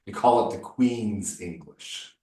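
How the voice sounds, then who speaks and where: Brief: lower-voiced male speaking coach, emphatic, heard from a distance. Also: slow pace, mellow. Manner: emphatic, corrective, playful. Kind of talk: one-on-one tutoring session. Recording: roomy echo, distant mic.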